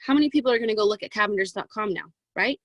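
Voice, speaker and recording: A woman in her twenties giving a chatty, excitable motivational talk to a sales team over a video call from her closet, with plenty of "um" and "right?". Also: medium pitch, rapid-fire, no room sound, low-quality recording. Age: 20s. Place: home walk-in closet.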